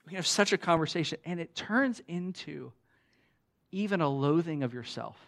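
Guy pastor preaching, kinda high voice, goes quiet then loud, lots of "like" and repeats. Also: animated, moderate pace, vocal fry. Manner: passionate, swings from soft to loud; conversational with fillers and repeats. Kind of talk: sermon.

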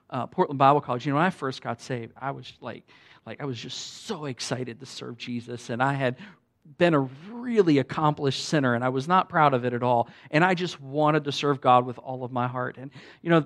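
A man preaching a sermon, passionate and conversational, swinging between soft, intimate lines and loud, emphatic bursts. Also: medium pitch, fairly quick. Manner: conversational with fillers and repeats. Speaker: pastor.

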